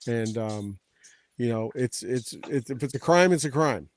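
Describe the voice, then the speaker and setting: A man's voice: mid-range voice, expressive, measured pace. Rambling man in casual political chat. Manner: rambling, many restarts, retells scenes in quoted voices. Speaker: panelist.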